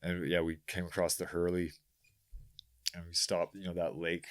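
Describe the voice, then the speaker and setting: A man from rural Ontario, a podcast guest telling animated, rambling stories in casual chat. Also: deep voice, moderate pace. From rural Ontario, Canada. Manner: animated storyteller, rambling with restarts. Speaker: podcast guest, bike mechanic.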